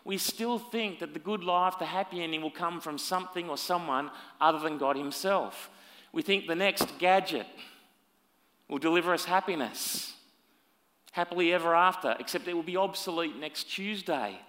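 A man preaching a sermon, swinging between loud emphatic lines and hushed, quieter asides. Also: on the high side, moderate pace. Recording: long reverb of a large hall.

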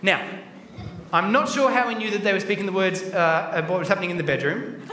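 High-voiced playful man in a roomy hall. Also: a little fast, sharp tone, recorded from a distance. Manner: playful and chatty, acting out the story. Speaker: children's Bible talk presenter. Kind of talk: lively children's Bible talk. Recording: roomy hall with faint background noise.

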